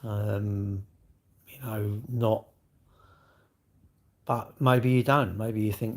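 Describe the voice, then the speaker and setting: A man rambles casually through a live stream and breaks off now and then to greet viewers. His voice sits a little low and has a husky grain. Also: steady tone, slow, long pauses. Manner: rambling, chatty, greets viewers mid-thought.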